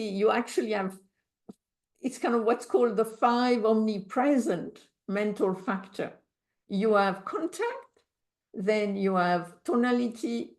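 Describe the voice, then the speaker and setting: A woman with a French accent teaches meditation to an online group, working through ideas aloud with small slips in her English. Her voice sits somewhat high and moves at an unhurried pace. She sounds like she is talking into a video call. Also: a little mellow. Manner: reflective, thinking aloud, slips in English grammar.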